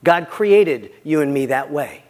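A man with a fairly high voice preaches a sermon in a church. He talks earnestly and conversationally, often dropping soft to stress a point. His words ring out with a long hall reverb. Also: animated, measured pace. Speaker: pastor.

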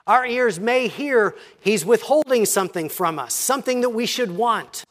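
A pastor preaching a sermon, teaching in a measured tone and reading scripture aloud. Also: mid-range voice, lively intonation, a bit bright.

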